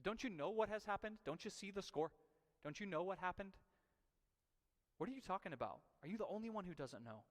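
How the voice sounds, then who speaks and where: A man's voice: high voice, animated, big-room sound, pitched above the performer's own voice. A man acting out an exasperated disciple. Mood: incredulous. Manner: aggravated rapid-fire questions. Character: exasperated male disciple, aggravated and incredulous.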